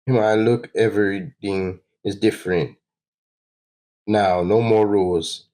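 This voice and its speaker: A man's voice: lowish voice, steady tone, measured pace, warm tone, natural voice. A man voicing a cocky male bandit from a comic, taunting and mocking with a little giggle.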